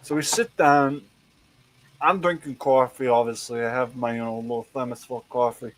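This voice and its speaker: A man's voice: mid-range voice, steady tone, normal speed, dry recording, poor audio. A man telling a rambling anecdote in casual chat, laughing as he goes.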